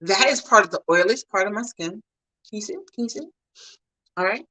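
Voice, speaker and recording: The recording is low quality, but the medium-pitched voice of a middle-aged woman from the Mid-US comes through fairly quickly. In her home vlog she talks right to her viewers, telling stories in a casual, chatty, animated manner.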